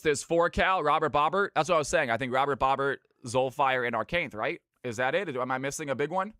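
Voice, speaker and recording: A man's voice: mid-range voice, a bit bright, no room sound, clean studio sound. A man from California hosting a live game stream, commentating picks and greeting viewers by name in an upbeat way. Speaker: streamer casting viewer games.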